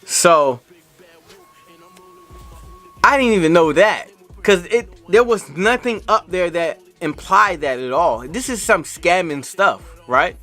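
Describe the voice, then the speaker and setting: A man telling a storytime rant, his voice swinging wildly up and down as he gets worked up. The tone is bright and forceful, and he circles back over the same words again and again. Faint music plays underneath. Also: high voice, takes it slowly, long pauses. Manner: animated, repeats himself, indignant retelling. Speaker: vlogger.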